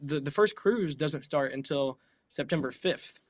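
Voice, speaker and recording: A man's voice: a little high, measured pace, dry recording. A young man from the American South chatting as a guest, easygoing and often laughing. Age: young adult. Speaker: guest musician. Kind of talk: casual interview chat.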